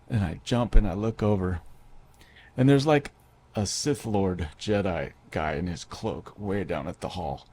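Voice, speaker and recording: Here a man in his thirties recounts something from his own life to an audience in a mellow, medium-pitched voice. His talk is loose and conversational, full of filler words and sentences he starts over.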